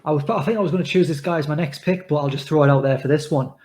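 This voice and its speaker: Chatty north east english man, higher voice. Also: racing, a little mellow. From North East England. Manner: chatty, lots of "like" fillers. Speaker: podcast co-host. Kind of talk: casual podcast chat.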